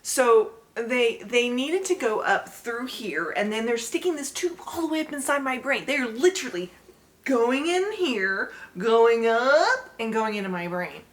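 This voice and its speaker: A woman's voice: fairly high pitch, animated, measured pace. A woman in her forties hosting her own channel, telling her story to camera in a chatty way, often laughing and speaking straight to her viewers.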